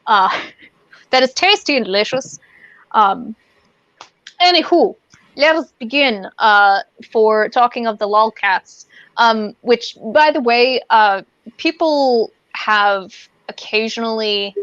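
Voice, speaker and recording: A woman co-hosting a casual podcast chat, playful and rambling. Her voice sits a little high. The sound is dull, lo-fi and dry. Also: slow, fairly bright tone, clean tone, no room sound. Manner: rambling and playful, with many fillers. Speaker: podcast co-host.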